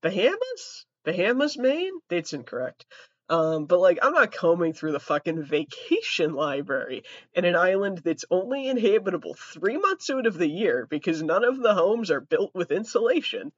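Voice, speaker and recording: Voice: medium pitch, very animated, moderate pace, dry recording. A young adult trans comedy podcaster telling stories in a profane, rambling, self-mocking way. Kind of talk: comedic storytelling. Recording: dull, dry lo-fi audio.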